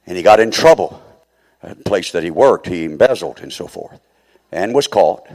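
A man's voice: low voice, animated, normal speed, a little mellow. A man preaching a sermon as a church elder, speaking straight to the congregation and repeating phrases for emphasis.

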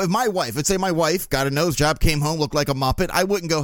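A man hosting a podcast, telling stories in a casual, profane, animated way. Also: on the high side, normal speed, dry recording, clean studio sound. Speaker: podcast host. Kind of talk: casual monologue.

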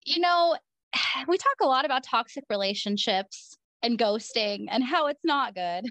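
A woman co-hosting a casual podcast chat, bubbly and quick to laugh, with lots of fillers. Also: a little high, animated, a bit bright, no echo. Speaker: podcast co-host. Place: Arizona.

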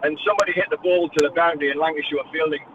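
A man's voice: on the high side, fairly even intonation, racing, far from the mic, noisy background. A man calling in from his car, telling a jovial anecdote over a tinny phone line. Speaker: caller. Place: car on the road.

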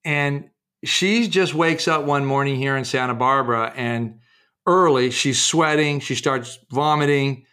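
Halting man recounting cases as a guest. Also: medium pitch, bright, forceful tone, clear, resonant tone. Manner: halting, many restarts and fillers, acts out quoted speech. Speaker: author and researcher, guest. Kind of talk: interview, telling case stories.

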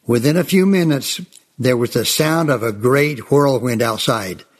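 A man's voice: medium pitch, measured pace. A man telling Old West tales in a chatty, folksy way, often calling his listeners folks. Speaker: storyteller.

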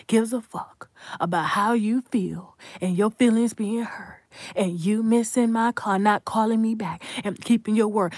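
A woman giving heated, profane live commentary, hammering points with repetition and shifting between hushed asides and loud outbursts. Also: moderate pace, no room sound, clean studio sound. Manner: rises into high, loud outbursts; drops to hushed, whispered asides.

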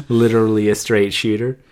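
A man's voice: lowish voice, fairly even intonation, unhurried, darkish tone. A man co-hosting a casual podcast chat, making wry, joking asides about a TV show. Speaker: podcast co-host.

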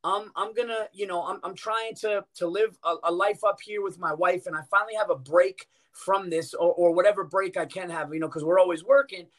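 A man's voice: high voice, a little fast, few pauses. A middle-aged man, a comedian guest on a podcast, telling stories in casual chat and swearing freely. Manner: animated storyteller, swears freely.

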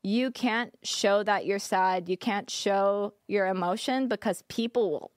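A woman's voice: mid-range voice, a little slow, dry recording, clean studio sound. A young woman speaking as a podcast guest in a candid, casual interview, full of "like" and frequent laughter. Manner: casual, filler-heavy with frequent "like", laughs often. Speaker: podcast guest, former streamer.

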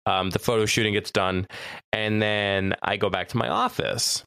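A man chatting casually on a podcast, telling a story with lively acted-out quotes. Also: on the low side, normal speed, vocal fry, clean tone, dry recording, studio quality. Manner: animated, acts out quoted voices. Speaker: podcast co-host, campus photographer.

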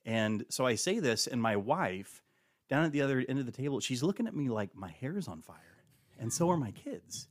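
A man in his forties, a podcast guest telling family stories in a casual, animated way and acting out the dialogue. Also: mid-range voice, moderate pace, no room sound, clean studio sound.

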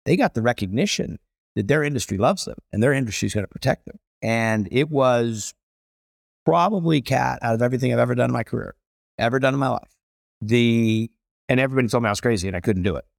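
A middle-aged man tells stories in an interview, swinging his pitch up and down with big expressive energy. He jumps into voices for the people in his anecdotes. The sound is close and dry, with no room around it. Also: fast talker, creaky, no echo. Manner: animated, acts out voices in stories. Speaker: chef and restaurateur guest. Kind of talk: storytelling interview.

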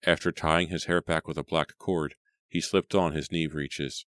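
A man narrating a storybook in a steady, measured way. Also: rumbling low, no room sound. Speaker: audiobook narrator. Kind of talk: scripted audiobook narration.

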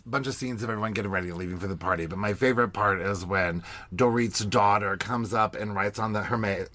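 A man's voice: fairly low pitch, sharp tone, dry recording. A man co-hosting a podcast, chatting playfully while recapping a reality TV episode. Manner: chatty, playful, slips into quoting voices. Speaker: podcast co-host.

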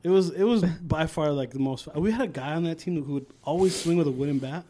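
Man, high voice, animated storyteller who laughs and swears, casual podcast chat. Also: fast talker. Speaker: podcast co-host.

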